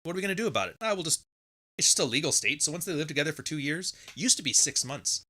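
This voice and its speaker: Speaking rapid-fire with an expressive, sharp voice on the high side, a middle-aged man from Canada hosts a podcast full of blunt, casual ranting. He curses freely and mockingly performs what other people say.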